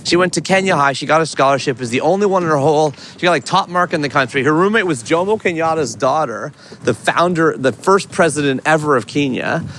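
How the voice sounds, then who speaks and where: A man's voice: a little high, lively intonation, fast, fairly bright tone. Chatty curious man talking on a noisy street. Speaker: podcast host. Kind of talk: walking interview chat. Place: outdoors on a city street. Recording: street noise behind outdoor walk.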